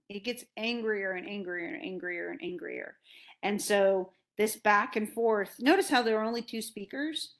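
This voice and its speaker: A woman teacher giving a casual lecture, paraphrasing a play in a conversational way with frequent restarts. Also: mid-range voice.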